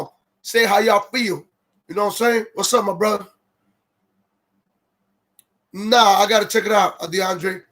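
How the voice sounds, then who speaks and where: High-voiced man ranting on a livestream. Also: a bit bright. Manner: repetitive, greets viewers, gets heated and incredulous. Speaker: livestream host. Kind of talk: casual livestream commentary.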